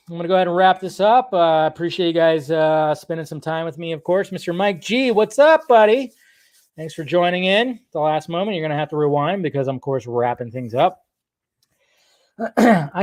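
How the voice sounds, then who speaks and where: A man hosting a livestream and wrapping it up with rambling, crude jokes and a casual sign-off. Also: a little high. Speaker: livestream host.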